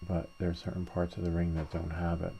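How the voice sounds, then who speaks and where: Here a man talks fast in a low, gravelly voice, narrating a casual 3D printing screen-share tutorial. He stays relaxed and reasons through each step aloud as he works, with slight background noise behind him.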